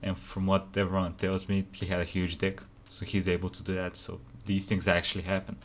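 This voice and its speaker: A man's voice: low-pitched, flat delivery, fairly quick, a little hiss or hum. A man hosting a reaction video, chatting casually with swearing and laughing asides.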